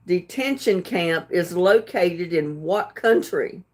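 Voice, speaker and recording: A woman's voice: lowish voice, slow pace. A woman hosting a casual trivia livestream, reading questions aloud and chatting with viewers, laughing often and stumbling over words. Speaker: livestream host.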